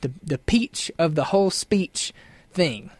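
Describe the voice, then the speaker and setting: A man's voice: a little high, lively intonation, takes it slowly, no room sound. A man from Mississippi with a Southern accent, a radio host bantering in a joking, self-mocking way.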